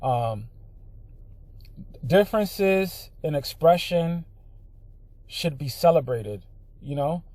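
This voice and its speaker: A man's voice: fairly high pitch, lively intonation, takes it slowly, pauses often, dry recording. A man talking casually straight into the camera, with lots of "you know" fillers, building into a heated rant. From Puerto Rican heritage. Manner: frequent fillers, grows heated and loud. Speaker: vlogger.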